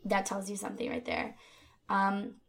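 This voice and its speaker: A woman's voice: mid-range voice, sing-song, normal speed, creaky. A woman co-hosting a podcast, recounting a true crime case in a conversational way with fillers and asides. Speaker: podcast co-host.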